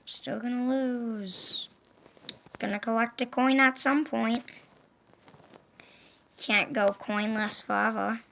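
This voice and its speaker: A woman giving casual gaming commentary, excitable, yelping and groaning at the game and talking to herself. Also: a little high, takes it slowly, gravelly, pauses often, slight background noise. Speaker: gameplay commentator.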